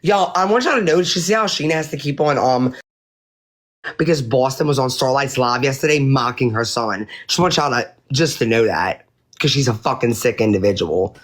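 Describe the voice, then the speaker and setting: A woman's voice: rumbling low, lively intonation, normal speed. A woman on a livestream, addressing her viewers in a heated, rambling rant full of swearing and restarts. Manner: indignant, profane, rambling with restarts.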